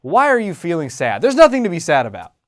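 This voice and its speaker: A man's voice: fairly high pitch, huge pitch swings, quick pace, pitched above the performer's own voice. A man voicing an impatient father who brushes off his child's feelings in a raised, exasperated voice.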